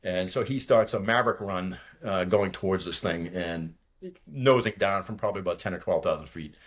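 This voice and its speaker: A retired fighter pilot in his sixties from near Boston, USA, tells war stories casually as a guest in a low, husky voice. He rambles and swears, and talks fast when nervous.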